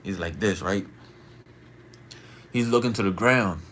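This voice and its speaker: A man with a fairly low voice spins a late-night story for his stream, slangy and rambling, checking in with his listeners again and again. He acts out the loud shouting of the people in his tale, jumping high above his usual pitch. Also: measured pace. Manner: slangy and rambling, keeps asking "you feel me".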